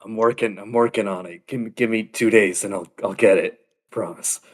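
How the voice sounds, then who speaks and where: A man's voice: lowish voice, steady tone, brisk. A man playing in a tabletop game, joking around and swearing freely. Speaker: player. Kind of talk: casual tabletop game chat.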